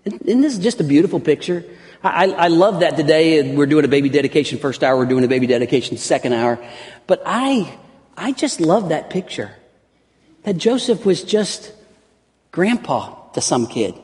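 A man in his forties preaching a sermon as pastor, swinging from loud emphatic peaks to hushed soft lines and often repeating words. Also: fairly high pitch, expressive, moderate pace. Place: church sanctuary. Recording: long reverb of a large hall.

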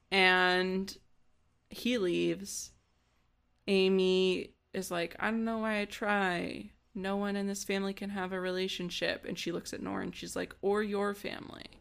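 A woman with a gravelly, fry-heavy voice runs through a TV episode in casual podcast chat. She keeps a quick, dry, sardonic pace and breaks into acted lines from the characters. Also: medium pitch, a bit bright. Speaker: podcast co-host.

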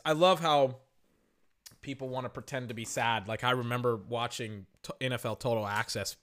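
A man hosting a podcast, passionately ranting about sports in an emphatic, repetitive way, his voice hoarse and worn from shouting. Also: mid-range voice. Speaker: podcast host. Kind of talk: sports opinion rant.

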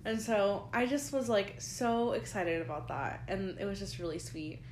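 A woman's voice: mid-range voice, expressive, moderate pace, darkish tone, a little hiss or hum. Young woman, podcast co-host, chatty, filler-heavy, tired, roomy echoey recording. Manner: chatty storytelling with many likes and ums. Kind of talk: casual chat. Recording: roomy echo.

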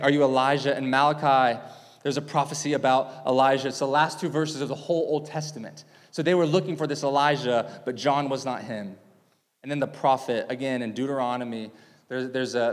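A man's voice: on the high side, fairly bright tone, big-room sound. A man preaching a sermon, teaching with big swings in volume and emphasis. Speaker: pastor.

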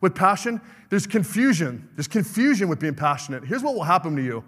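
A man's voice: a little high, expressive, brisk, few pauses, a bit bright, long reverb tail. A middle-aged male pastor preaching a fervent sermon, calling out to the congregation for amens.

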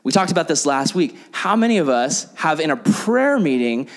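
A man's voice: a little high, big pitch swings, moderate pace. A young man giving a casual, chatty sermon, full of fillers and playful acted-out prayers. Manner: chatty, filler-heavy, acts out prayers in silly voices. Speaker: preacher.

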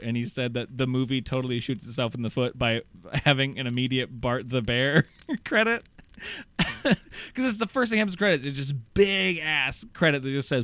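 A man chatting casually on a podcast as he walks through a film's plot. He rambles and restarts, swears freely, and acts out bits of dialogue with lively energy. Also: mid-range voice, clear, resonant tone. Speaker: podcast co-host. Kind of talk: casual movie recap chat.

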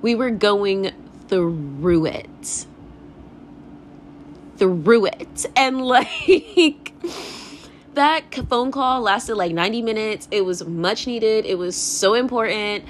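A woman's voice: on the high side, takes it slowly, a little hiss or hum. Rambling, swearing young woman podcaster. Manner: rambling, swears a lot, laughs often. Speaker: podcast host. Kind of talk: casual confessional rant.

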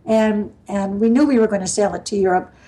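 An older woman from the US Midwest talks as a podcast guest. She tells her stories in a loose, meandering way, full of fillers and quick laughs. Her voice sits at an ordinary middle pitch. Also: steady tone, mellow, a little hiss or hum, low-quality recording. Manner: rambling, laughs often, many fillers. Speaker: guest sailor. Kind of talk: storytelling in a casual interview.

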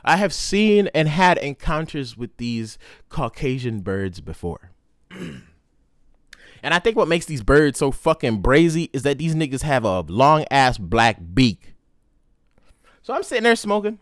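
Young man, podcast host, slangy and profane, lively swooping voice, fairly high, dry close sound. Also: a little slow, long pauses, no room sound. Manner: slangy, profane, animated storytelling. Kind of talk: casual solo podcast storytelling.

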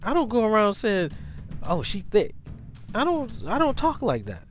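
A man hosting a podcast, talking in a casual, animated, rambling monologue with many restarts. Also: high-pitched, a little fast, faint music behind. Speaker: podcast host.

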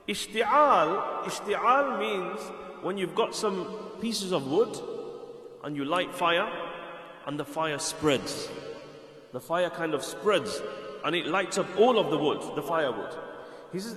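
A man's voice: high-pitched, expressive, slow, fairly bright tone, reverberant, big-room sound, soft background music. A man giving a sermon, earnest and explanatory, repeating phrases for emphasis. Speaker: Islamic preacher.

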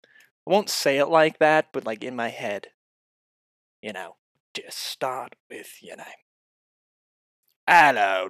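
A man delivering a profane comedic rant straight at the listener, swinging between loud outbursts and muttered asides. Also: mid-range voice, no echo, studio quality. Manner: heavy swearing, addresses the listener directly.

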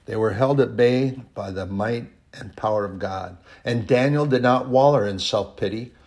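Man preaching with sudden loud swells. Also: on the low side. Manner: swings between loud bursts and quiet, drawn-out lines; reads scripture in old-fashioned phrasing. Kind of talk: sermon retelling a Bible story.

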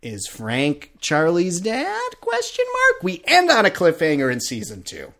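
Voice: mid-range voice, a little slow. A podcast host chatting casually, swearing freely and telling stories with energy. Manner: loose, swears casually, animated storytelling. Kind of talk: casual chat.

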